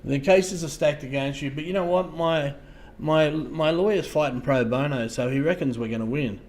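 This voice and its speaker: An Australian man hosting a casual livestream, talking to viewers in a halting way, repeating words and trailing off softly. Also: fairly high pitch. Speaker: livestream host.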